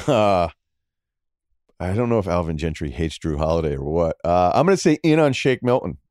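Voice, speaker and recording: A man's voice: normal speed, dry recording, studio quality. A middle-aged man, a podcast guest, talking sports in a casual, sarcastic way. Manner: animated, sarcastic, jumping between high and low.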